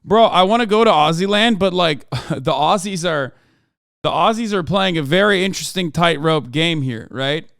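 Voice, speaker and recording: Profane, animated male streamer. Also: fairly high pitch, normal speed, vocal fry, dry recording, studio quality. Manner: animated, profane, slangy, addresses chat as bro. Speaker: streamer host. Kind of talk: casual reaction commentary.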